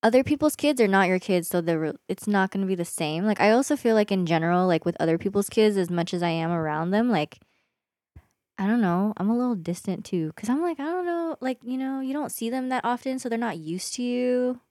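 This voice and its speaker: A woman's voice: medium pitch, a little fast, no echo, clean studio sound. A young woman co-hosting a podcast, telling stories in a casual chat and laughing often. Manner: animated storytelling, laughs often, quotes herself. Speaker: podcast co-host.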